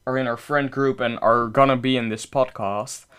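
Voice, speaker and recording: A man's voice: medium pitch, fairly even intonation, moderate pace, fairly bright tone, clean tone. A young man co-hosting a casual podcast with friends, swearing freely and laughing often. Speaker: podcast co-host. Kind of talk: casual banter among friends.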